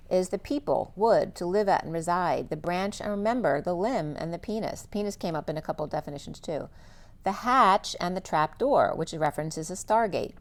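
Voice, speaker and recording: A woman giving a solo spiritual reading, thinking aloud as she lists word meanings in a musing run-on flow, her voice going a little hoarse. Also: on the low side, darkish tone. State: losing her voice, slightly hoarse. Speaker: spiritual reader.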